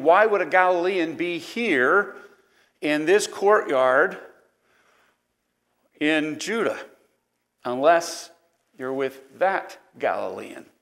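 A man's voice: on the high side, fairly bright tone. A man with an East Coast American accent teaching a Sunday school Bible lesson in a conversational, digressive way. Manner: conversational, digressive, with fillers and asides.

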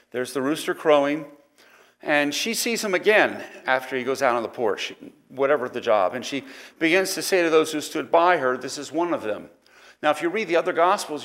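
A man with an East Coast American accent leads a Sunday school Bible lesson. His voice sits a little high, and he talks conversationally, wandering into asides and anecdotes. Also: a bit bright. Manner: conversational, digressive, with fillers and asides. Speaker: Bible teacher.

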